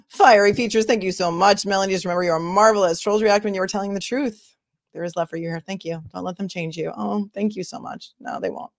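A woman's voice: medium pitch, fairly even intonation, fast talker, dry recording, clean studio sound. A woman attorney hosting a casual livestream, chatting and answering viewer comments as she thinks aloud.

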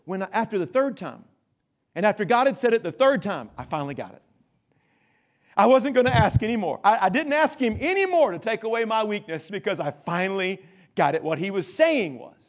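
Animated, high-voiced preacher man. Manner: emphatic preaching, slows down and builds up key words; conversational asides to the congregation. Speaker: pastor. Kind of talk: sermon.

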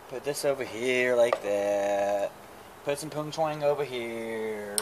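A man's voice: mid-range voice, extremely slow, very noisy. A man chatting casually while cooking outdoors at a grill, crude and joking, stumbling over his words. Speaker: cooking vlogger. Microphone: camera mic.

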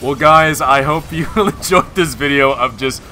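A man's voice: on the high side, a little slow, sharp tone, slight background noise. A young man giving live gameplay commentary to his channel, talking casually with exasperated outbursts and frequent laughter. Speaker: gaming video creator.

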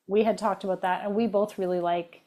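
A woman's voice: mid-range voice, fairly even intonation, fairly quick, warm tone. A middle-aged woman co-hosting a cooking podcast, chatting casually with rambling asides and frequent laughs. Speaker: podcast co-host.

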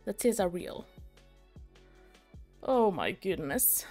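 A woman's voice: fairly low pitch, big pitch swings, slow pace, warm tone, faint music behind. A young British woman streaming a game, chatting with viewers, giggling often and poking fun at herself. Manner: giggly, laughs often, chatty and self-mocking. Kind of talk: live-stream game commentary.

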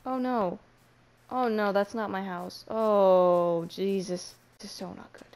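A woman's voice: mid-range voice, steady tone, slow, a little mellow. A young woman giving casual gameplay commentary in a panicky, self-mocking way, swearing freely. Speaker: Minecraft let's player.

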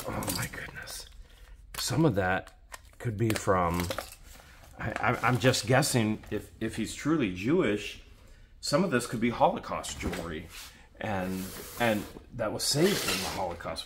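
A man hosting a treasure hunting vlog, talking excitedly in wonder as he digs through what he found. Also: low-pitched, slow, slight background noise. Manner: excitable, keeps exclaiming in wonder. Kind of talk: casual unboxing commentary.

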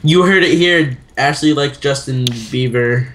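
A man's voice: medium pitch, unhurried, fairly bright tone. Teasing man commenting on gameplay. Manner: teasing, banters. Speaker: gamer.

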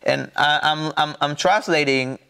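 A pastor from Mexico telling his testimony in halting, earnest English with a Mexican Spanish accent. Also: on the high side, creaky, bright, forceful tone, clean tone. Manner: earnest, halting non-native English with repeated restarts. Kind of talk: personal testimony in an interview.

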